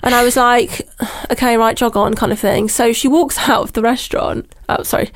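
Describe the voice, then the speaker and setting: A woman, a podcast guest, telling a personal story in casual chat, animated, mimicking other people's voices and laughing as she goes. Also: a little high, fairly quick, vocal fry, hardly any pauses.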